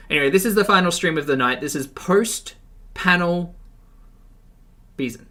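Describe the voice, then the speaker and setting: Bright-voiced sarcastic male commentator. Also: fairly high pitch, lively intonation, brisk, pauses often. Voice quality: sarcastic, chatty. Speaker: commentary streamer. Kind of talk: reaction commentary.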